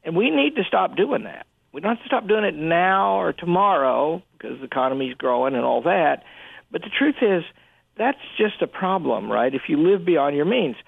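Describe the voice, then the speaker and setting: Male radio guest on a tinny phone line, gravelly, husky, lively pitch swings, animated storyteller. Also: normal speed, no echo. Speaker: guest commentator. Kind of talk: conversational radio discussion. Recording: phone-line quality, dry.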